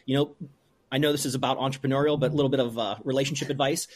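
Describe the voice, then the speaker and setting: Guest, man in his 40s, husky mid voice, heartfelt and rambling. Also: mid-range voice, fairly even intonation, racing. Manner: open and heartfelt, rambling with restarts. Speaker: brewery owner, guest. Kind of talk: emotional interview conversation.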